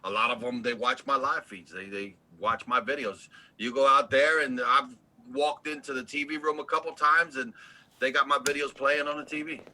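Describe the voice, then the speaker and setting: Blunt cussing oil rig boss, super bright sharp voice, casual chat. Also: male voice, mid-range voice, moderate pace, low-quality recording. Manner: blunt, profane, animated storyteller.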